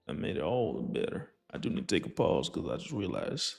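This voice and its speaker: A man's voice: low voice, huge pitch swings, quick pace, vocal fry, hardly any pauses. A young man casually commenting on his gameplay, rambling and joking, sometimes slipping into a put-on folksy accent. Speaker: gaming channel host.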